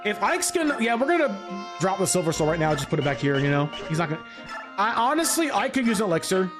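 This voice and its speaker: A man streaming a video game, rambling and joking with chat in a loose, animated way. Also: sits high, quick pace, music in the background. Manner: animated, rambling, jokey, laughs often. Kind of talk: live gaming commentary.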